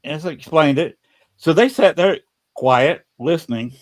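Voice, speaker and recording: A man hosting a podcast, telling a story in a casual, halting way and often repeating words. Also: fairly high pitch, animated.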